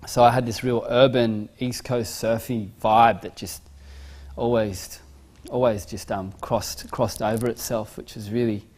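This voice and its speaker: A man's voice: medium pitch, flat delivery, unhurried, a little mellow. A young adult man with an Australian accent, a musician and surfer talking casually to camera in a laid-back, rambling way, full of fillers and repeated words. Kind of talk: casual personal talk to camera.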